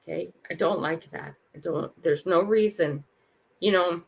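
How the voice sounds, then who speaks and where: Gravelly older woman hosting a chatty livestream. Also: lowish voice, a little slow. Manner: chatty, reflective, greets viewers by name. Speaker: livestream host. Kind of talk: casual live chat.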